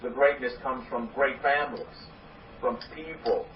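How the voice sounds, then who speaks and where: A man preaching as a rabbi to a congregation, loud and excited, repeating phrases for emphasis. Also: medium pitch, a little slow. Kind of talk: energetic sermon to a congregation. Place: hall with congregation. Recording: roomy, distant, dull lo-fi recording with faint noise.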